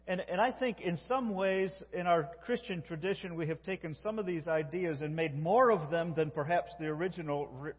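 A man's voice: high-pitched, slightly rough. A middle-aged man preaching a sermon as a pastor, in a folksy way, often restarting his sentences and telling jokes. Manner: folksy, self-interrupting, tells jokes. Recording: dull lo-fi with long church reverb.

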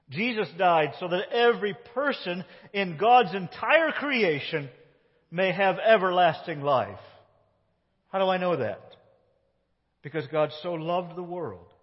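A man with an American accent preaching a sermon as pastor, swinging from loud emphasis to soft, quiet phrases. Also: high voice, long reverb tail, highs cut off. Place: church sanctuary.

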